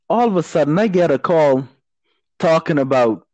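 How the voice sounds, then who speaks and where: A man's voice: fairly high pitch, lively intonation, a little slow, long pauses, a little mellow, no echo. A young man in casual chat telling a story in a laid-back, rambling way, laughing often. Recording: dull lo-fi dry sound.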